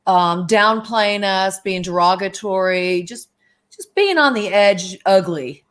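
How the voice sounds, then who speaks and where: A woman guest on a live-stream chat, telling stories in a lively, chatty way and acting out the voices in them. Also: mid-range voice, takes it slowly. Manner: animated storyteller, acts out quoted dialogue. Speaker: guest medium.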